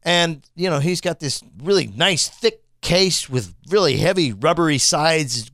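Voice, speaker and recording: Guy ranting to camera, swears a lot, kinda high voice, dry close sound. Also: lively intonation, a little slow, fairly bright tone, dry recording. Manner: exasperated, swearing, stammering restarts. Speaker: vlogger reviewing a phone. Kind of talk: casual ranting monologue.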